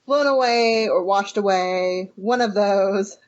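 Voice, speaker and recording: A woman's voice: medium pitch, slow, muffled recording. Wry, laid-back woman chatting. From California, US. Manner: laughs often, wry and relaxed. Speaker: podcast co-host. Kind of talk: casual chat.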